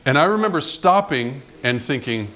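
Guy pastor preaching, lively storytelling, acts out the voices, mid pitch. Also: moderate pace. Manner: animated storyteller, acts out quotes. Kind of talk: sermon storytelling.

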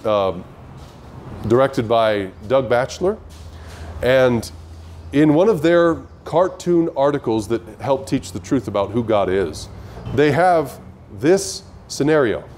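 A man's voice: a little high, darkish tone, slight background noise. A man teaching the Bible in an earnest way, often asking his listeners questions.

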